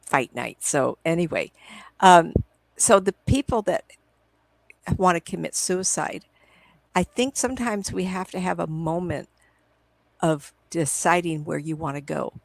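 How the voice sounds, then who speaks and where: Over a video call from home, a middle-aged psychic medium speaks in a low, gravelly voice through her computer mic, the recording rough but without echo. She tells long, meandering stories in a casual interview, acting out past exchanges as she goes.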